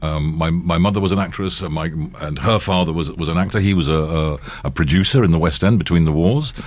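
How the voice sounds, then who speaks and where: A man's voice: low-pitched, a little fast, a little mellow, no echo. An older male actor chatting as an interview guest, telling rambling anecdotes with frequent restarts and easy laughter. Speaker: actor and voiceover artist guest. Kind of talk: casual interview chat.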